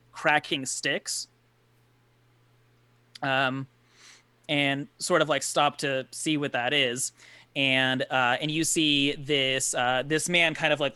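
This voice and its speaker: Brief: male game master, bright tone, dry close recording, loose rambling narration. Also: medium pitch, no room sound. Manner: rambling, lots of filler words.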